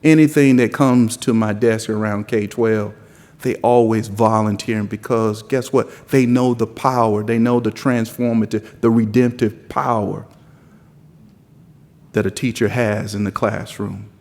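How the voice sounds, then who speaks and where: A man's voice: on the low side, fairly even intonation, a little slow, a little mellow. A man from South Carolina with a mild Southern drawl giving an impassioned keynote speech at a conference, building his points through rousing, repetitive lists. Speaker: conference speaker giving opening remarks. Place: large conference hall. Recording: long hall reverb from a conference hall.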